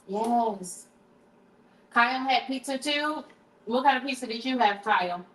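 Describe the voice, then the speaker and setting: A woman's voice: on the high side, a little slow. A woman hosting a casual live stream from her kitchen, chatting with viewers while she tastes her food. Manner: chatty, talks to viewers, switches to hushed prayer. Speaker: livestream host. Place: home kitchen. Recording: roomy, distant camera mic.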